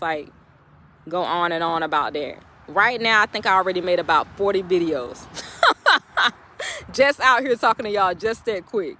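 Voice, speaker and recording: A woman talks straight to her viewers in a casual, chatty way. Her voice sits at a middling pitch, and she lays out her encouragement like a motivational speaker who sometimes slips into preaching. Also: fairly bright tone, slight background noise. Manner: chatty, encouraging, preachy at times, with frequent laughs. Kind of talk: casual motivational talk to camera.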